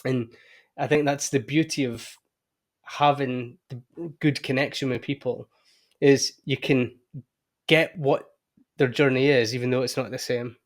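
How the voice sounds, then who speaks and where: A man's voice: medium pitch, a little slow. A man hosting a podcast, talking candidly and reflectively in casual conversation. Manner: candid, reflective, animated when telling stories. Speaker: podcast host.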